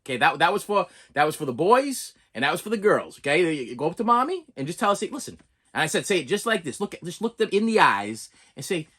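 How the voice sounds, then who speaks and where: A middle-aged man with a voice sitting a little high for a man chats straight to his viewers. He rambles, circles back and repeats himself, his pitch leaping up and down in a lively, animated way. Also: quick pace. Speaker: preschool teacher and collector vlogger. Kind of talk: casual rambling monologue.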